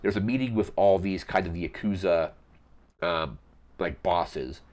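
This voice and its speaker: A man's voice: sits low, unhurried, a little mellow. A man hosting a podcast, casually recapping a film in a rambling way full of fillers. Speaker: podcast host.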